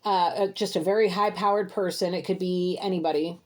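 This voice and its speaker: A woman's voice: fairly low pitch, fairly even intonation, brisk. A woman giving an intuitive tarot reading to camera from home, talking in a heated, scolding, exasperated way. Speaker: intuitive reader. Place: home, alone with pets.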